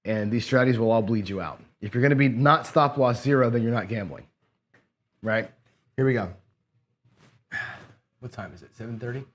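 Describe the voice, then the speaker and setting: A man's voice: medium pitch, normal speed, long pauses, a little hiss or hum. Chatty man calling dice rolls. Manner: talks to camera while rolling dice, counting payouts aloud; excitable bursts when a roll goes his way. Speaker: craps strategy host. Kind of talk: casual play-along commentary.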